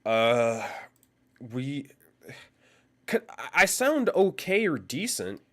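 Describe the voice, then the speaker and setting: A man's voice: medium pitch, big pitch swings, extremely slow, fairly bright tone. A young man hosting a live stream, chatting loosely with his viewers, thinking aloud, swearing and laughing often, speaking into a condenser microphone. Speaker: livestream host. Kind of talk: casual live-stream chat.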